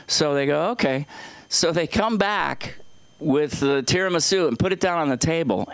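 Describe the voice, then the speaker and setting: A middle-aged man doing an open mic stand-up set on a small club stage, telling stories in a halting, rambling way full of fillers and restarts. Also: a little high, expressive, clear, resonant tone, dry recording.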